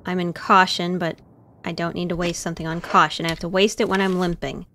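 A woman's voice: on the low side, level tone, a little fast, a bit bright, a little hiss or hum. A young woman streamer chatting casually to her viewers while playing a game, often flustered and panicky. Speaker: gaming streamer. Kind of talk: casual gameplay commentary.

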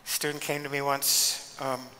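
A man lecturing in a big hall with a long echo. His voice is bright and forceful, and he talks in an animated, emphatic way, acting out the people in his stories. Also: medium pitch, normal speed, a little hiss or hum. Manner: animated, emphatic, acts out quoted speech. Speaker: guest lecturer and pastor. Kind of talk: lecture with storytelling.

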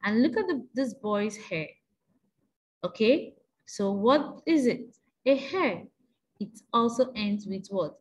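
A woman's voice: mid-range voice, lively intonation, takes it slowly, lo-fi sound. A woman teacher taking young pupils through an exam revision lesson, asking patient prompting questions in a sing-song way.

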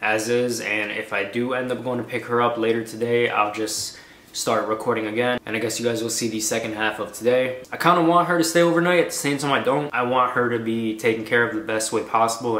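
A young man talking to camera in a casual vlog, tearful and soft-spoken. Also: medium pitch, steady tone, a little fast, reverberant. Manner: soft, reassuring, emotional. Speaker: vlogger.

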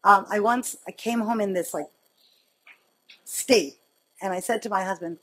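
A middle-aged woman doctor gives a lecture to colleagues in a loose, conversational way. Her voice has a husky, slightly breathy edge. She is chatty, mocks herself, and moves quickly from point to point with a ready wit. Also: mid-range voice, fairly bright tone. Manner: chatty, self-mocking anecdotes with quick wit. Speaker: physician giving a lecture.

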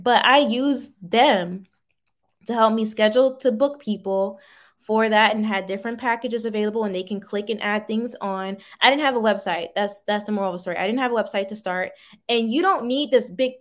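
A woman in her thirties chatting casually on a livestream, answering viewer comments in a folksy, talkative way. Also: medium pitch. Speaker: livestream host, small business owner.

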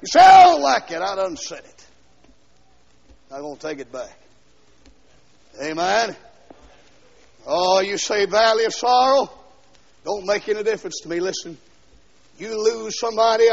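A man preaching a fiery revival sermon, dropping to quiet asides and then shouting and singing out lines, heard on a dull 1970s LP recording from a church. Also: high voice, a little slow, gravelly, pauses often. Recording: dull 1970s LP recording with long hall echo.

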